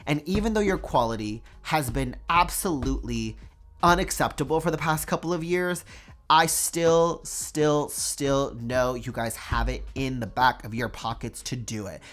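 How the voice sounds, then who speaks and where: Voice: mid-range voice, a little slow, fairly bright tone. A doll collector vlogger giving an emphatic, dramatic opinion rant to camera, repeating words for effect and using "like" often. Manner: emphatic, dramatic repetition, frequent "like".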